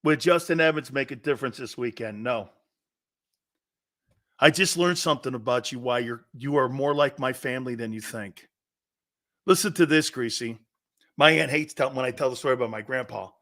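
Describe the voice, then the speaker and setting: A man hosting a sports talk show, telling stories loudly and laughing often between lines. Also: medium pitch, normal speed. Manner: loud, laughing, storytelling.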